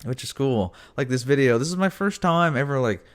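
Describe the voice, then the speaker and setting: Dude rambling bout his fave game, swears a ton, voice jumps all over, yells at his cats. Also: mid-range voice, lively intonation, brisk. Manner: swears freely, lots of fillers, scolds his cats mid-talk. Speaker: gaming vlogger. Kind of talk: casual rambling chat to camera.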